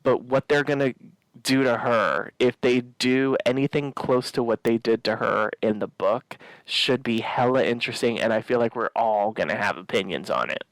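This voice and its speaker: A man speaks in a deliberate, teasing way during a casual recap chat, in a mid-range voice. His sound is dry and close, with no room around it. He drops his hints at an even pace. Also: mid-range voice, no room sound, rough recording. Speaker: podcast co-host.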